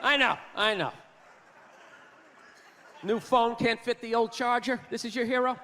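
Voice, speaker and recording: A man's voice: extremely high pitch, fairly even intonation, measured pace, big-room sound, heavy background noise. A man doing a stand-up routine, ranting in disbelief at everyday habits. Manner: ranting, incredulous. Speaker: stand-up comedian.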